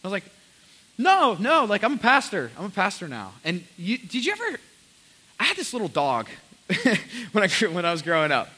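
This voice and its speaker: Young male pastor, high bright voice, animated sermon storyteller. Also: slightly rough, low-quality recording. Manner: energetic storytelling with quick voiced asides.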